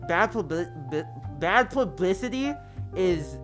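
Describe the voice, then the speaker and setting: A man's voice: high voice, sing-song, slow pace. A man livestreaming and chatting casually with his viewers, rambling, swearing and stumbling over words. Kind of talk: casual chat with stream viewers. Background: background music.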